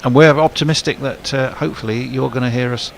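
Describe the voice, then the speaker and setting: A man's voice: medium pitch, fairly even intonation, fast talker, gravelly, slight background noise. A man, a cricket commentator chatting casually and joking with a chuckle.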